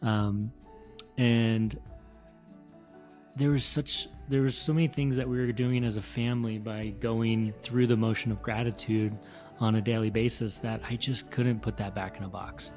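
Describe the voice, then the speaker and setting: A middle-aged man from the East Coast of the United States, co-hosting a podcast, talking in an earnest, measured way with some fillers. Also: on the low side, steady tone, a little mellow, soft background music. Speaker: podcast co-host. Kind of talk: casual reflective talk.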